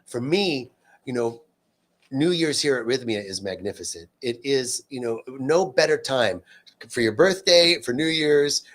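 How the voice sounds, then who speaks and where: A man's voice: mid-range voice, animated, a little slow, fairly bright tone. An earnest man leads a live-streamed spiritual talk in a mid-range voice. He speaks off the cuff, restarting phrases and stacking repeated words for emphasis as he answers viewers. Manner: loose and unscripted, frequent fillers and restarts.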